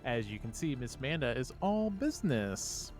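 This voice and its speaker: A man's voice: medium pitch, big pitch swings, normal speed, darkish tone, soft background music, natural voice. A man voicing a prim, genteel middle-aged woman with a mannered, polite way of speaking.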